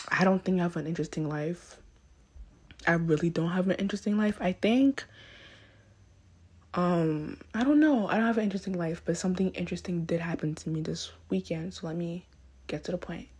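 Husky-voiced young woman, rambling podcast story. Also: lowish voice, normal speed, long pauses, darkish tone. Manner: rambling, self-correcting, frequent "you know what I mean". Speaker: podcast host. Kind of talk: casual storytelling monologue. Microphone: phone mic.

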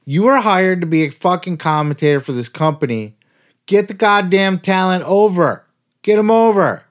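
A man's voice: sits high, animated, normal speed, a bit bright. A man hosting a podcast, ranting in a heated, sarcastic way and swearing constantly. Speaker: podcast host. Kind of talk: profane ranting podcast commentary.

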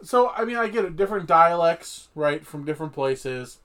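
A man from Michigan co-hosting a podcast, chatting casually with frequent swearing and animated outbursts. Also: on the high side, normal speed, smooth. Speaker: podcast co-host. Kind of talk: casual chat.

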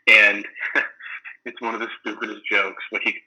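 A man chatting casually, rambling and animated as he retells funny scenes, full of "like" and "um". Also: lowish voice, a little slow, low-quality recording. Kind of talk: casual chat about a sitcom.

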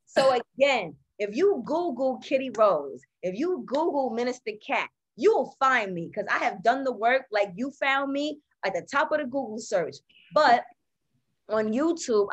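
Woman minister on a podcast, kinda high voice, laughs a lot, super candid. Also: lively intonation, normal speed, highs cut off. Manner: laughs often, chatty and candid. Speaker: guest minister. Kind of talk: casual interview chat.

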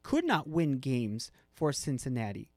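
A man's voice: mid-range voice, very animated, unhurried, darkish tone, no room sound, studio quality. A man co-hosting a casual sports podcast, teasing his partner in playful banter. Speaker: podcast co-host.

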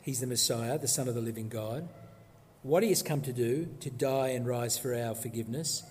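A man preaching a sermon emphatically, posing rhetorical questions and dropping low for solemn points, recorded in a church. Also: normal speed, a little mellow. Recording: long echoey hall reverb.

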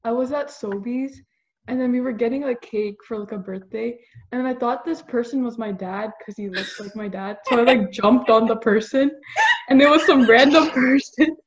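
A woman's voice: a little high, moderate pace, dull audio, background noise. A young woman chatting over a video call, telling a story with lots of fillers. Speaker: student panelist. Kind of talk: casual chat, storytelling.

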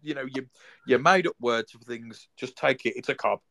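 A man from Birmingham, chatting on his own podcast. His voice sits at an ordinary middle pitch. He tells stories with frequent ums and restarts. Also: normal speed, creaky, sharp tone. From Birmingham, England. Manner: chatty, storytelling, lots of ums. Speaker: podcast host. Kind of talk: casual chat.

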